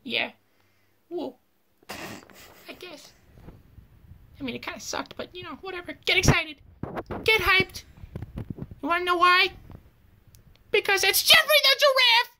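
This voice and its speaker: A woman's voice: high voice, measured pace, gravelly, pauses often, bright, forceful tone, slight background noise, heavily acted. A woman voicing a goofy cartoon giraffe who teaches history in an offhand, crude way, full of fillers and swearing. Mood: flippant. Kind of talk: comedic cartoon narration.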